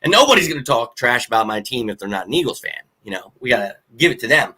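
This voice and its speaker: Blunt, ranting man, bright voice. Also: medium pitch, fast, few pauses. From Philadelphia. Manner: blunt, animated fan rant with frequent fillers. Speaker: sports podcast host. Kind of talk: casual sports talk.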